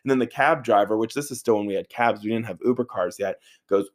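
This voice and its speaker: A man in his thirties telling a casual, animated story, swearing freely and saying "like" a lot. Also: on the low side, fast talker, few pauses. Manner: animated, profane, filler-heavy with frequent "like".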